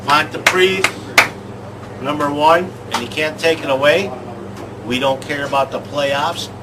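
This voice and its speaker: A man hosting a comic sports show, talking in excitable rants. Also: a little high, a little slow. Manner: excitable, ranting. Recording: distant mic with clear background noise.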